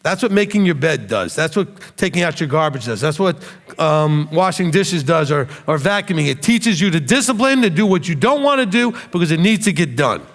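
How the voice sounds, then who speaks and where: A man in his fifties giving a blunt, animated teaching, often mimicking the people he talks about. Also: on the high side, fairly quick. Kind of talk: sermon-style teaching. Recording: long hall reverb.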